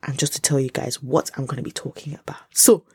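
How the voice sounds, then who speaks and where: A Nigerian woman hosting a casual solo podcast, animated and often dropping into a whisper. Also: extremely low pitch, fast talker, husky, no echo, clean studio sound. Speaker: podcast host. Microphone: close podcast mic.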